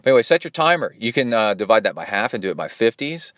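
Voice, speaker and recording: A man's voice: fairly low pitch, sing-song, quick pace, a bit bright, no room sound, clean studio sound. A man hosting a podcast as a triathlon coach, talking in a rambling, chatty way with plenty of fillers and asides. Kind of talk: casual solo podcast talk.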